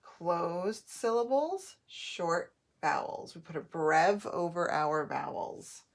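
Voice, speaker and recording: A woman teacher giving a patient phonics lesson, modeling each word slowly and clearly. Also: fairly low pitch, expressive. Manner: slow, patient, drawn-out modeling of words.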